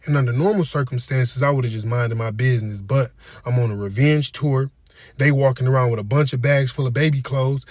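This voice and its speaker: A man telling comic stories in a deadpan, casual slang delivery. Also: medium pitch, no room sound, clean studio sound. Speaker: comedian. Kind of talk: comedic storytelling skit.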